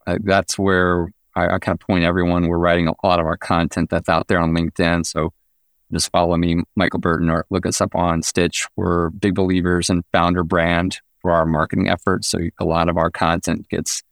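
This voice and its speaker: A man's voice: low voice, a little fast, dry recording, studio quality. A man, a company founder, answering as a guest on a business podcast and sometimes acting out quoted exchanges. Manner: animated, acts out quoted exchanges.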